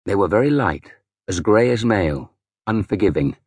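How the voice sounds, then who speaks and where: A man's voice: on the low side, expressive, normal speed, a little mellow, breathy edge, dry recording. A man narrating a historical novel in the first person with grave, dramatic delivery. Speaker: audiobook narrator.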